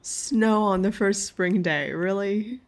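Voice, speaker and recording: A woman's voice: mid-range voice, slow. A woman streamer musing aloud as she plays a narrative game. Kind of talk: casual game commentary.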